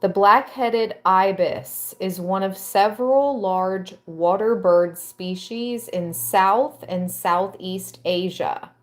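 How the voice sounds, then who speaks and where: A woman giving a tarot reading to her viewers, reading aloud and musing with soft exclamations. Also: mid-range voice, slow, hardly any pauses. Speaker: tarot reader.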